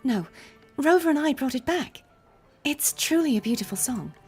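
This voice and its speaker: A woman's voice: sits high, expressive, normal speed, darkish tone, faint music behind. A woman voicing a timid young acolyte. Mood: earnest. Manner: anxious, apologetic.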